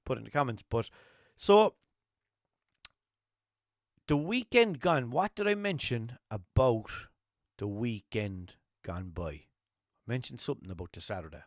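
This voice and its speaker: Sweary rambling Irish podcaster. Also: male voice, lively intonation, unhurried, long pauses, no room sound, studio quality. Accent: Limerick Irish. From Ireland. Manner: rambling, sweary, jokey storytelling with high-pitched acted-out voices. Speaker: podcast host. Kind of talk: casual solo podcast chat.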